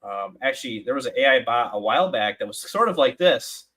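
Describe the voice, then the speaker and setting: A man's voice: mid-range voice, animated, brisk, fairly bright tone, rough recording. A man co-hosting a live stream, telling a story in casual chat with lots of restarts and fillers. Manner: rambling storyteller, many restarts and "like"s.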